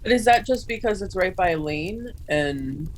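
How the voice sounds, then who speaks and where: A woman in a casual chat, hesitant and filling her pauses with ums. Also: fairly low pitch, expressive, low-quality recording.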